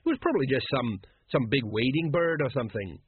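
A man voicing a grumbling, blustery middle-aged watch sergeant in a husky, raised voice. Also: mid-range voice, lively intonation, a little fast, no room sound. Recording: dry, narrow phone-like sound.

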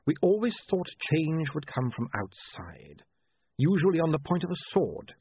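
A man voicing a cool, calculating male ruler who speaks in a precise, measured, dryly sardonic way. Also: mid-range voice, husky, no echo. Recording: tinny phone-like line.

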